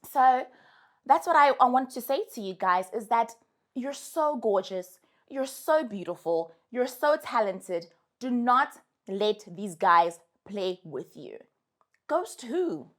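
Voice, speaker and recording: A young adult woman with a South African accent, giving casual, emphatic advice to her followers. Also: mid-range voice. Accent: South African English. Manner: animated, emphatic, sassy.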